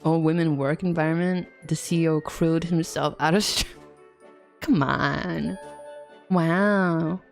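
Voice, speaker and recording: A woman's voice: sits low, steady tone, slow pace, gravelly, faint music behind. A young woman streaming a game, giggling often and cracking crude jokes while reading the dialogue aloud.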